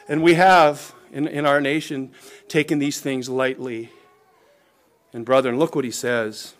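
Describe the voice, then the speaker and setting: A middle-aged pastor preaching a sermon, his somewhat high voice climbing for emphasis and dropping low for asides. He talks to his congregation directly, with a pastor's earnest urgency. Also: a little slow. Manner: emphatic preaching, rises and falls in pitch and volume, occasional chuckles.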